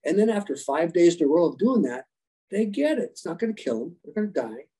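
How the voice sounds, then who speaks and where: A man with a husky, slightly raised voice tells stories as a podcast guest. His tone is mellow and warm rather than bright. He is animated and slips into the voices of the people he quotes. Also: high-pitched, fairly quick, low-quality recording. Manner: animated, acts out quoted dialogue. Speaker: guest, leadership coach and former special operations rescuer. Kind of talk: storytelling interview answers. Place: podcast conversation.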